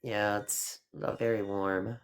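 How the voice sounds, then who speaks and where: A middle-aged woman hosts a casual live stream, chatting warmly with her viewers and a friend. Her talk is loose and affectionate, full of "honey" and "girl.". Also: rumbling low, level tone, takes it slowly.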